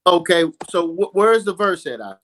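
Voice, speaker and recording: Male host, high voice, emphatic, video-call debate, faint hiss behind. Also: very animated, brisk, a bit bright, low-quality recording. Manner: emphatic, addresses listeners as family. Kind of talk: online debate broadcast.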